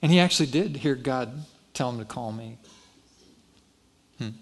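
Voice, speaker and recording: A pastor preaching a sermon, telling a story in a folksy, self-deprecating way and acting out the dialogue. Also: male voice, mid-range voice, moderate pace.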